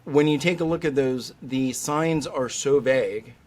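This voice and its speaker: A middle-aged vet specialist, speaking unhurriedly in a medium-pitched voice, is interviewed on a podcast. He tells stories animatedly, acting out the voices of the people he quotes.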